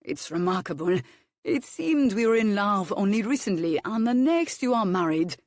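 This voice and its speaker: A woman's voice: medium pitch, lively intonation, moderate pace, no echo, clean studio sound, lightly acted. A woman voicing a sly young male count who mocks with innuendo and feigned innocence. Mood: teasing. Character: sly, teasing French count, a young man.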